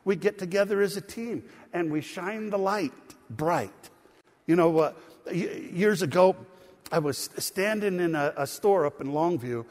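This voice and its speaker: Storytelling pastor in a reverberant church. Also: male voice, high-pitched, measured pace, a little mellow. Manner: storytelling, rising to emphatic preaching. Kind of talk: sermon. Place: church sanctuary.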